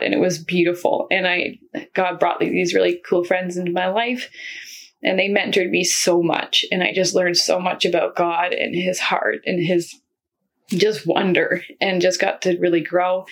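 A woman's voice: mid-range voice, slightly rough. A young woman sharing her personal faith testimony in an earnest, rambling way, full of fillers.

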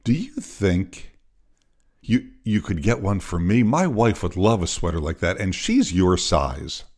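A man's voice: low-pitched, big pitch swings, unhurried, a little mellow, heavily acted. A man voicing a friendly, polite small-town grocer, admiring in tone.

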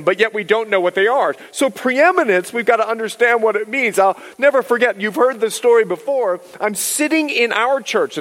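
Middle-aged male pastor, animated sermon delivery, high voice, echoey sanctuary. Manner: animated storytelling, acts out quotes. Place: church sanctuary. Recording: long reverb of a large hall.

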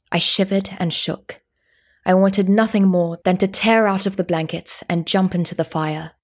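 Husky low-voiced woman narrating a story. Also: a little mellow. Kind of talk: first-person storybook narration.

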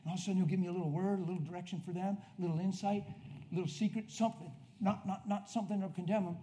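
High-voiced excitable male preacher. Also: racing. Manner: excitable, shouting bursts, acts out conversations. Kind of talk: energetic sermon.

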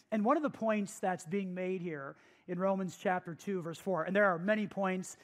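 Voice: mid-range voice, steady tone, measured pace. A pastor teaching a sermon who leans hard on key phrases, repeats them and puts questions to the listeners.

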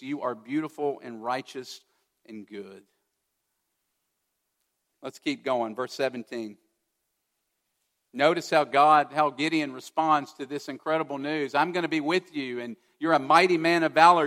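A man's voice: on the high side, a bit bright, in a large hall. A man preaching a sermon as a pastor, earnest and often putting direct questions to his listeners.

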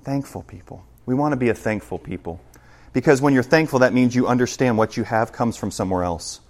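A man preaching a sermon in a church as pastor, emphatic, shifting between loud passages and hushed ones. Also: mid-range voice, a little fast.

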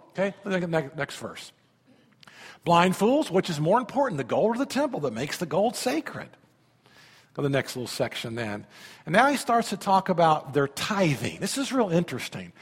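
Fifties male pastor, high voice, animated sermon, stumbles and repeats words, echoing hall. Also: breathy edge. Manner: animated, conversational preaching with repeated words and questions to the listeners. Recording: long reverb of a large hall.

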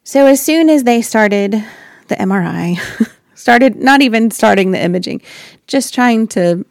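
A woman's voice: fairly high pitch, lively intonation, a little slow, vocal fry, no echo, clean studio sound. A woman sharing an earnest, reflective personal faith story as a wife and mother. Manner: earnest, reflective, with soft laughs.

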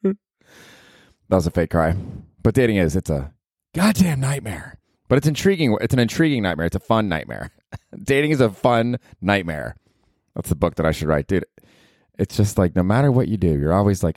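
A man's voice: deep voice, sing-song, normal speed, darkish tone, no echo, clean studio sound. A young man hosting his own podcast, telling loose, profane stories with lots of laughing and "dude". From United States. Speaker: podcast host and stand-up comedian. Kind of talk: casual solo podcast storytelling.

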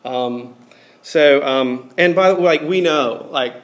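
A man's voice: a little high, slow. A man giving a casual, conversational sermon, talking informally with many fillers like "like" and "um".

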